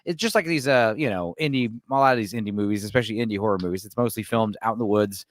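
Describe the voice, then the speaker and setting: A man's voice: lowish voice, racing, no room sound. A man talking casually as a guest on a film chat show, rambling with plenty of "like" and "you know".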